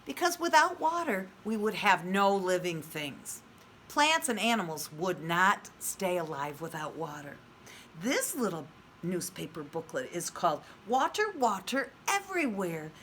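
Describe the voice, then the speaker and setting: A woman preschool teacher giving an online read-aloud lesson, speaking in a slow, exaggerated sing-song way to small children and asking them questions. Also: lowish voice, big pitch swings, fairly bright tone, slight background noise. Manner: asks the children questions and praises answers.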